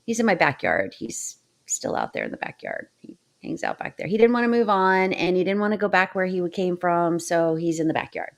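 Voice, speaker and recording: Woman with a gravelly, low voice. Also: very animated, fairly quick. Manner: conversational, affirming listener. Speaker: host. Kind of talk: casual chat.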